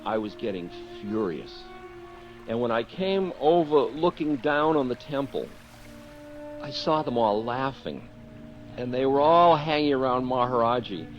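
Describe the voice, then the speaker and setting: A man's voice: medium pitch, dull audio. A man, a spiritual teacher, telling a candid story about himself in a talk, self-mocking and often chuckling.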